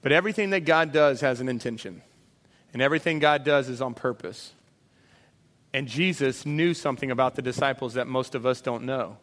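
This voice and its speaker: A man preaching a sermon in a lively way, acting out voices of the people in the story as he goes. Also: medium pitch, a little fast. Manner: animated, acts out voices of disciples and Jesus. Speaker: pastor. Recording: long hall reverb.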